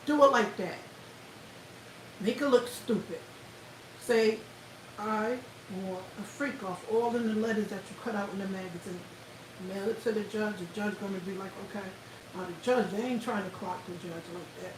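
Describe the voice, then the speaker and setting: Woman livestream host; loud, blunt, profane commentary, recorded off-mic with faint hiss. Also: mid-range voice, moderate pace, roomy sound, distant mic. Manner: loud, animated, blunt and profane, addresses viewers directly.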